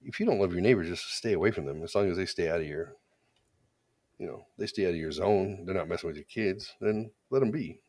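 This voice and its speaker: A very low-voiced man holds forth on a podcast. He talks casually, is blunt and crude, and often restarts his sentences as he goes. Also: a little fast, darkish tone. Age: adult parent. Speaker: podcast co-host. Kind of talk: casual opinionated chat.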